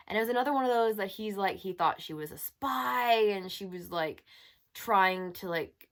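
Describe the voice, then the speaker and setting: A woman's voice: medium pitch, lively intonation, moderate pace, fairly bright tone. A young woman chatting casually as a book reviewer, exasperated and full of filler words. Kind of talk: casual chat.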